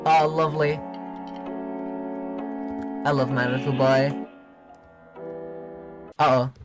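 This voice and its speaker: A young man streaming a video game live, chatting excitably and giggling with his viewers. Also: mid-range voice, takes it slowly, long pauses, faint music behind. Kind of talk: live gameplay commentary.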